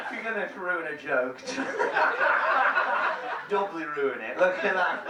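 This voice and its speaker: A man's voice: sits high, big pitch swings, takes it slowly, distant mic. A man from England doing live stand-up, chatting with and teasing the audience and laughing at his own jokes. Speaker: stand-up comedian. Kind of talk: live stand-up crowd work. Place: large theatre on a cruise ship. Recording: echoey hall heard from afar, loud noise.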